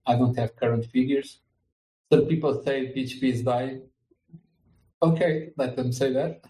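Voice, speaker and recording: A man in his fifties hosting a casual podcast, speaking in an unhurried way with slightly formal phrasing. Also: mid-range voice, warm tone, reverberant, low-quality recording. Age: 50s. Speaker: podcast host.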